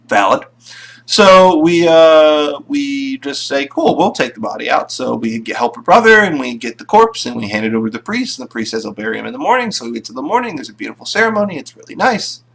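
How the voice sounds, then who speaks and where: Gravelly man rambling through a game recap. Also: on the high side, lively intonation, brisk, a bit bright. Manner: rambling, full of fillers and restarts. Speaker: tabletop game player recapping sessions. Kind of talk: casual recap.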